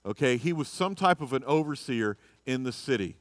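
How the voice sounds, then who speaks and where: Joking, chatty pastor, dry sound. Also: male voice, mid-range voice, expressive, moderate pace, no room sound. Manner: chatty, joking, swings from quiet asides to loud bursts. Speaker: pastor teaching a class. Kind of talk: casual Bible teaching. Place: church.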